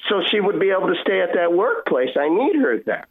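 Man, caller, earnest storytelling, slightly high voice, tinny phone sound. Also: big pitch swings, brisk. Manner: earnest, emotional retelling with quoted dialogue. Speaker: caller sharing testimony. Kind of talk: personal storytelling. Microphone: phone call.

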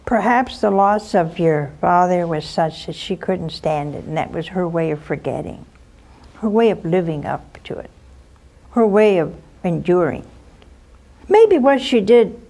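Older nun, earnest and direct. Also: female voice, lowish voice, expressive, unhurried, gravelly, warm tone. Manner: earnest and direct, ends points with "huh?" and "see?". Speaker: nun giving advice to a caller. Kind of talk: advice talk with personal storytelling.

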